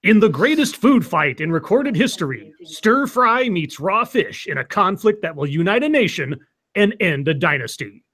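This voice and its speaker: A man's voice: sits high, big pitch swings, a bit bright, pitched above the performer's own voice, exaggerated voice. A man doing an overblown movie-trailer announcer. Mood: grandiose. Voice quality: exaggerated, drawn-out delivery.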